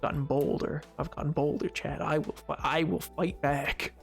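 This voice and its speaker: A man's voice: fairly high pitch, fairly even intonation, normal speed, vocal fry, soft background music. A man streaming a game, chatting and bantering playfully with his viewers. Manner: playful, teasing banter with chat. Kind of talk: casual live-stream chat.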